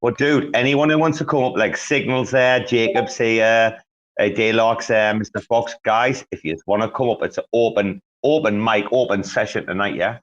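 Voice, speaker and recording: A man hosting a live audio chat, talking in an excitable, profane and rambling way. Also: on the low side, moderate pace. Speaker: host. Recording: dull lo-fi audio.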